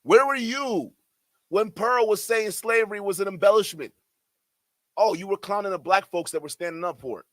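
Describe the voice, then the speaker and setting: Excitable mocking streamer, bright voice. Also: male voice, sits high, normal speed, dry recording. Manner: excitable, mocking, repeats himself, swears. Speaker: streamer reacting to clips. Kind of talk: casual reaction commentary.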